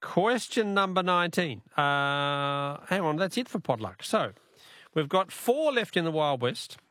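Jovial Australian male radio quiz host, animated pitch, dry studio sound. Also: measured pace, no echo. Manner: jovial, laughs often, bantering with callers. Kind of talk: call-in quiz show.

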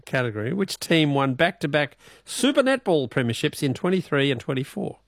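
A man's voice: on the high side, very animated, brisk, no room sound, clean studio sound. A man with an Australian accent hosting a radio quiz, playful and teasing, laughing often. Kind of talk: casual radio talk.

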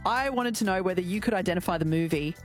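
A woman's voice: lowish voice, fast talker, faint music behind. A woman hosting a radio show, chatting playfully and laughing often. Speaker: radio host. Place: radio studio. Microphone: studio microphone.

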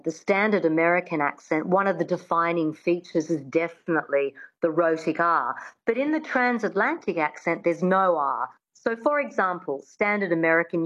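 Dialect coach drilling words. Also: female voice, fairly low pitch, a bit bright, lo-fi sound. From Australia. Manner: demonstrative, drills words slowly for the listener to repeat. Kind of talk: radio interview, teaching an accent.

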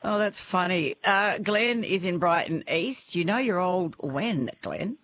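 A woman's voice: fairly low pitch, expressive, a little slow, a bit bright, dry recording. An Australian woman hosting a radio show, chatting casually with callers and laughing easily. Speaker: radio host. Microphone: studio microphone.

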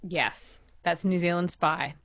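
A low, gravelly-voiced woman talking casually about television as a co-host. She rattles through asides in a chatty way, and the recording is dry and close. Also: fairly even intonation, slow pace, a bit bright, dry recording. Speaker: podcast co-host.

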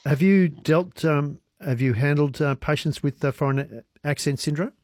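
A man hosting a radio interview, asking questions in a halting way with ums and uhs. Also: on the high side, darkish tone, no echo, clean studio sound. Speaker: radio host.

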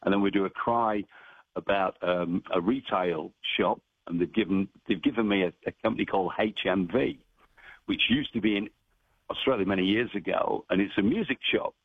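A man's voice: low voice, moderate pace, slightly rough, no room sound. Chatty man on a tinny phone line. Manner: chatty, animated, bursts into bellowed cries. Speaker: town crier. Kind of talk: phone interview on radio.

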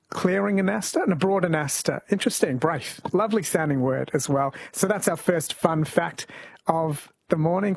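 Man, radio host, husky, slightly high voice, dry close sound, chatty. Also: no echo. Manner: chatty, reads listener messages aloud. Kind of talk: casual radio chat.

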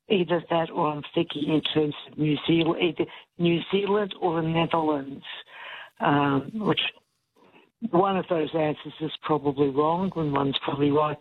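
A woman calling in to a radio quiz, hesitant and self-deprecating about her answer. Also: low voice. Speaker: caller. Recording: tinny phone line.

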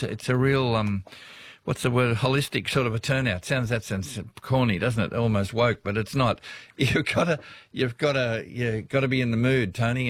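A man with an Australian accent hosting a casual talkback radio show, chatty and rambling, often laughing between asides. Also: mid-range voice. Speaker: radio host.

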